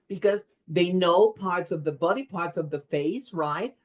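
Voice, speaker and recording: A woman giving a lively workshop talk to teachers as a teacher trainer, animated and expressive, often checking in with a quick "right?". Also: lowish voice.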